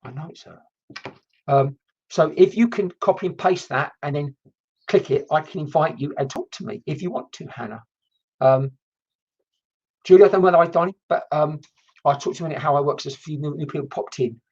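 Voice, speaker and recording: A husky-voiced woman gives a mediumship reading on a live stream, chatty and excitable with casual swearing. Her voice comes through a dull, lo-fi computer mic. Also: deep voice, a little fast, pauses often. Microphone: computer mic on a video stream.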